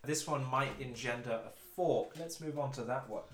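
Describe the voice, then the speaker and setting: A young adult man from England hosts a casual food-review podcast, speaking at normal speed with a medium-pitched voice in an echoey room. Seated with friends around a table, he's wry and mock-formal and laughs often.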